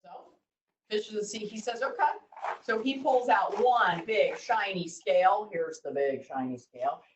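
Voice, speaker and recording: Animated woman telling kids a story. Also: mid-range voice, slight background noise. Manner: animated, asks the kids questions. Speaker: children's storyteller. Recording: roomy, distant mic.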